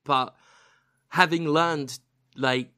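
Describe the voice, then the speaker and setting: A man with a British accent that carries a slight American hint, hosting a podcast in animated, self-mocking casual chat. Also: a little high, extremely slow, no room sound, clean studio sound. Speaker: podcast host.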